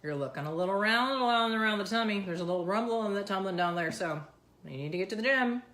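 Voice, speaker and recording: A woman's voice: mid-range voice, expressive, quick pace, a bit bright, pitched above the performer's own voice, close to an everyday voice. A woman voicing her six-year-old son as he pesters her to take him to the gym, in a pleading, insistent way. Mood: wheedling. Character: nagging six-year-old boy wheedling his mom. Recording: roomy echo.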